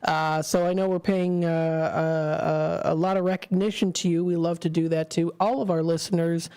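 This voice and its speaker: A woman's voice: lowish voice, fairly even intonation, normal speed, warm tone, clean tone. A woman hosting a live local radio show, upbeat and friendly, reading promos and chatting on a studio mic. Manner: upbeat, friendly, stumbles on names. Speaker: radio host. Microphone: studio microphone.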